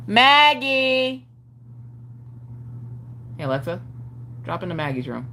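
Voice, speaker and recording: A woman's voice: medium pitch, sharp tone, a little hiss or hum. A woman hosting a craft live stream, telling a story in a casual, exaggerated way and swearing freely. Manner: acts out family members' voices.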